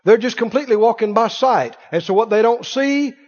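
High, animated male preacher. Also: a little fast. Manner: storytelling preacher, animated, laughing as he tells it. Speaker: pastor. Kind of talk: sermon. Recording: dull sound with long hall reverb.

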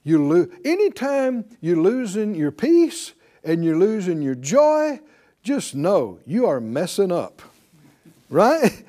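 A man's voice: sits high, warm tone. A man preaching a sermon to a class in a conversational way, calling on them to repeat after him. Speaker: pastor teaching a class.

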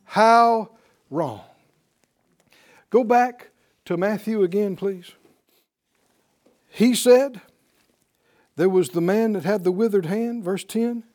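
A man's voice: sits high, slow pace, pauses often. A man preaching a sermon to a live audience. He talks animatedly and keeps asking the listeners questions to draw out their replies. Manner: animated, asks the audience questions for call-and-response. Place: teaching before a live audience.

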